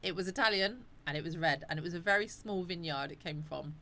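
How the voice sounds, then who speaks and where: Bright-voiced chatty woman. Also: on the low side, fast. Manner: chatty, rambling, answers viewers' comments. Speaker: live stream host. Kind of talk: casual live chat reading comments.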